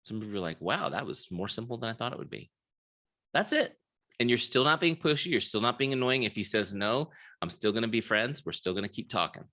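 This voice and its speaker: A software founder runs a live online sales training over a video call, telling stories, acting out quoted dialogue, and often checking in with listeners. His mid-range voice is animated, fairly quick and sharp in tone.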